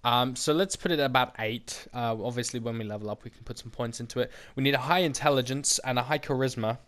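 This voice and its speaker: A man's voice: mid-range voice, fast, a bit bright. A young man giving casual, rambling let's-play commentary and explaining the game as he plays. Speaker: gaming YouTuber.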